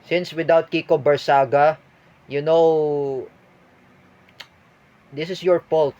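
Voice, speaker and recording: A man with a Filipino accent giving a personal video statement as a vlogger, halting and full of fillers and restarts. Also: on the high side, steady tone, darkish tone, dull audio.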